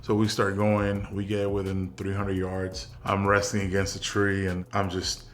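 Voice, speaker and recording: Low-voiced man telling relaxed war and hunting stories. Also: normal speed. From South Texas. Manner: relaxed, rambling anecdotes with many fillers. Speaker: interview guest, military veteran. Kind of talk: casual interview storytelling.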